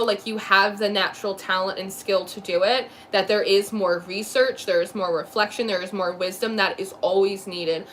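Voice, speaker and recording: Woman, tarot reader, talkative, mid pitch, faint background noise. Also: fairly bright tone. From New Jersey. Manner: chatty, laughs often, quick asides. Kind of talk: live tarot reading chat.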